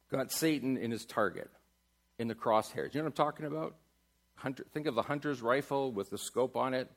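A man preaching a sermon in a church, asking his congregation questions and building to loud climaxes. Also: mid-range voice, a little fast, creaky. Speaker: pastor. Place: church sanctuary.

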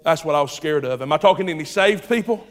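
A man preaching a sermon, telling a story in a relaxed way, acting out its voices and building to shouted preaching. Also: a little high, fast talker. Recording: long hall reverb.

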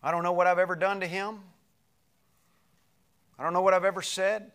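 A middle-aged male pastor telling a personal story in a sermon, animated and moving between loud passages and hushed ones. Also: high voice, brisk, clear, resonant tone.

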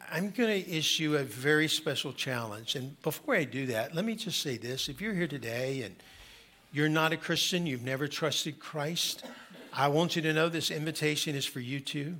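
A male pastor preaching a sermon in a church, telling a story with slow, drawn-out emphasis. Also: on the high side, a bit bright. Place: church sanctuary.

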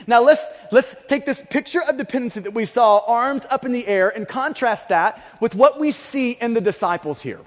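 A man's voice: extremely high pitch, expressive, moderate pace, hardly any pauses. A male pastor preaching a sermon earnestly, often stammering and repeating words. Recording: long reverb of a large hall.

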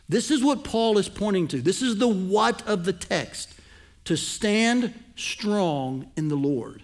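High-voiced pastor preaching a sermon. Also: male voice, expressive. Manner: teaching, asks the congregation to follow along; slows down and lands key phrases with emphasis.

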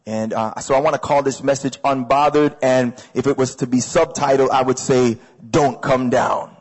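A man preaching a sermon as a pastor, energetic and conversational, repeating phrases for emphasis to a crowd. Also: mid-range voice, moderate pace, slightly rough. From Canada. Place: large hall with audience. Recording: echoey hall.

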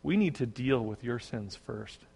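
A man doing a soft-spoken, patient eldest brother. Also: mid-range voice, expressive, measured pace, vocal fry, husky, full character voice. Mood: gentle. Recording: long reverb.

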